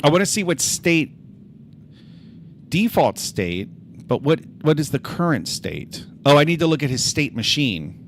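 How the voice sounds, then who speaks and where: A man's voice: on the high side, sing-song, measured pace, slight background noise. A man streaming his game development, thinking aloud as he debugs and talking straight to his chat. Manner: thinks aloud, mutters to himself and addresses chat directly. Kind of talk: casual livestream chat while coding.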